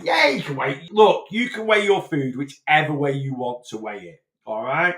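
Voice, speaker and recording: A man's voice: medium pitch, moderate pace, fairly bright tone, echoey room. A man from Blackpool with a Lancashire accent, answering viewer questions live as a weight loss coach in a chatty, rambling way full of fillers and restarts. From Blackpool, England.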